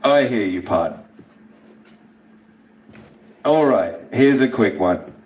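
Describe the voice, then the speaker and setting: A man's voice: medium pitch, expressive, slow, a little mellow, reverberant, low-quality recording. An AI voice assistant speaking as a man, folksy and easygoing, calling the listener partner. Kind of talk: scripted chatbot replies.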